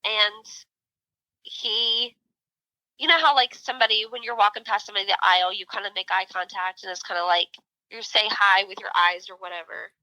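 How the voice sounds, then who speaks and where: A woman's voice: mid-range voice, fairly quick, no echo, poor audio. A middle-aged woman co-hosting a podcast, telling a story in casual chat with lots of fillers. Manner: animated storytelling, many fillers. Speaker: podcast co-host.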